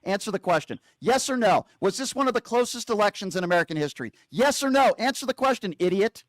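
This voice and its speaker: A man's voice: high-pitched, expressive, fast, dry recording, studio quality. A man hosting a call-in show, combative and insulting, cutting callers off. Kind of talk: heated call-in debate.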